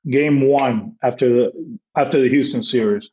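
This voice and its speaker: A man in the middle register tells baseball stories on a podcast. His talk is loose and rambling, stacked with fillers and repeated starts. He breaks into quick acted-out dialogue as he tells it. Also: medium pitch, darkish tone, lo-fi sound. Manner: rambling anecdotes with many fillers and acted-out quotes. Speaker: baseball manager, podcast guest. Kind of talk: casual storytelling interview.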